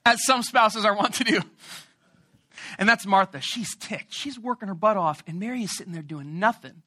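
A man preaching a sermon as an animated, joking storyteller. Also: high voice, moderate pace.

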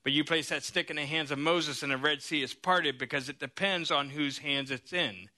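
A man preaching a sermon, telling Bible stories in an animated way and checking in with the congregation as he goes. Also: fairly high pitch, normal speed. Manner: animated storytelling with frequent "okay?" and "right?" check-ins.

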